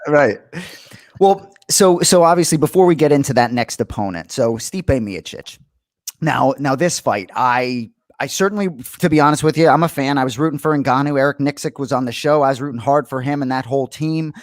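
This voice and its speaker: A man's voice: medium pitch, brisk, no room sound. Rambling man in his forties, dry sound. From Boston area. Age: 40s. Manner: rambling, many fillers and restarts. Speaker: podcast co-host. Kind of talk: casual chat.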